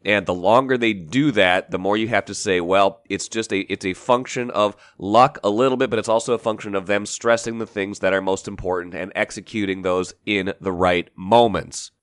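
A man giving measured sports analysis on a podcast. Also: fairly low pitch, steady tone, no echo, studio quality.

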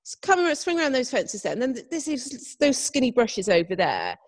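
Brief: woman, young, podcast co-host, animated storyteller, husky edge. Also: fairly high pitch, a little fast, dry recording. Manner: animated storytelling, acts out quotes. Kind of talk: casual chat.

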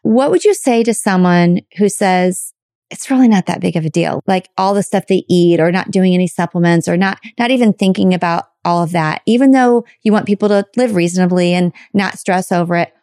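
A woman's voice: fairly low pitch, a little fast, warm tone, no echo, studio quality. A middle-aged woman hosting a podcast, talking in a chatty, candid and self-deprecating way. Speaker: podcast host. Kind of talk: casual interview chat.

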